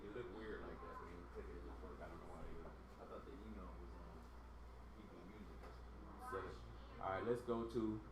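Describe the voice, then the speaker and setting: Low-voiced man teaching in an echoey room. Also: fairly even intonation, brisk, long pauses, background noise. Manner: patient, repeats sounds for drilling. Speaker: Hebrew teacher. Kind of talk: online language lesson.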